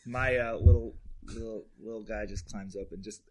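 A man's voice: on the low side, steady tone, moderate pace, darkish tone. A young man playing a tabletop game, joking and laughing often. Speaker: player. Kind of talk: casual chat at a tabletop game. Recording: noisy room recording.

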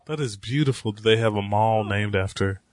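A man's voice: lowish voice, brisk, no echo. A man co-hosting a casual podcast, asking wry teasing questions. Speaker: co-host.

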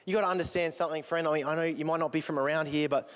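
A man's voice: on the high side, steady tone, racing, a bit bright. A male pastor with a country Victorian Australian accent, giving a chatty, joking sermon full of rambling asides. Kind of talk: humorous sermon. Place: church auditorium. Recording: long echo of a large hall.

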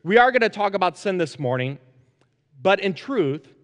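Pastor preaching in a reverberant sanctuary. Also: male voice, high-pitched, big pitch swings, fairly bright tone. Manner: repetitive, measured, frequent "uh" fillers. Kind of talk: sermon. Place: church sanctuary. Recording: long reverb in a large sanctuary.

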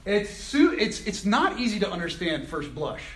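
A pastor delivers a sermon in a conversational, animated way. His voice sits a bit high with a slightly husky edge, and his pitch swings widely as he exclaims and laughs between points. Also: moderate pace.

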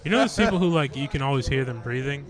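A man on a comedy panel stumbling through his thoughts with plenty of fillers, landing wry remarks. His pitch is medium for a man. The delivery is loose, casual chat. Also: expressive, fast talker. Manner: hesitant, filler-heavy, wry.

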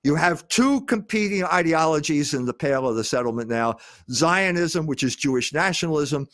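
A man's voice: on the high side, expressive, moderate pace, fairly bright tone, no echo, clean studio sound. Emphatic older man lecturing on history. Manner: emphatic, with frequent uh fillers.

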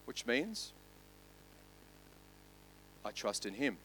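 Animated man preaching. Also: mid-range voice, extremely slow, slight background noise, low-quality recording. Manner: animated, swings from loud to hushed. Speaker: pastor. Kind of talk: sermon.

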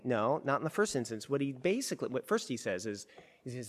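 A man preaching a sermon in an animated, conversational way, with frequent restarts, to people gathered in a large hall. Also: medium pitch, brisk. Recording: long hall reverb.

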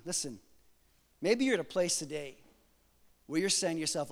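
A pastor in his forties with a high voice delivers a lively sermon, acting out prayers in different voices and slipping in joking asides. His voice rings with the long reverb of a large hall. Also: moderate pace, long pauses.

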